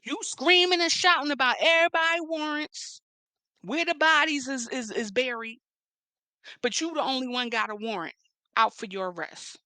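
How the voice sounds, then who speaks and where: A woman vlogger with a Philadelphia accent delivers a profane, mocking, confrontational rant. Her voice is fairly high and bright, her pace moderate, and the close mic picks up no room sound.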